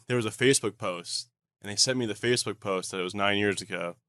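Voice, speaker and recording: A man's voice: fairly low pitch, fairly quick, bright, forceful tone, no echo. A young man co-hosting a podcast, telling a story in a rambling way full of fillers. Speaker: podcast co-host. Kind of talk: casual storytelling.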